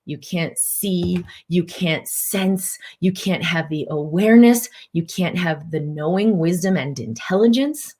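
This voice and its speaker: A woman with a somewhat low voice hosts a live-streamed mind-body teaching talk. She coaches in an earnest tone and leans on repeated phrases. Now and then she breaks into sudden high bursts to act out someone panicking. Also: unhurried, few pauses, husky. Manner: animated, acts out panicked reactions with sudden high outbursts.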